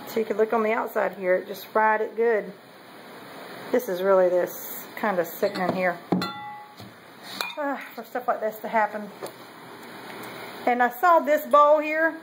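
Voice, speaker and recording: A woman's voice: medium pitch, background noise. A woman, talking casually in a meandering way with many ums and self-corrections as she shows her pottery. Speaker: potter showing kiln results. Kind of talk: casual show-and-tell vlog.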